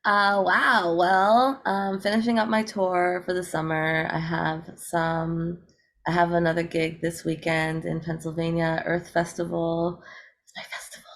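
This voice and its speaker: A woman talks through an interview in a loose, upbeat way, filling gaps with fillers and quick laughs. Her voice sits low and carries a gravelly fry. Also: level tone. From United States. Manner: chatty, upbeat, laughs often, many fillers. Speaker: guest, eco-rapper. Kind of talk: casual interview chat.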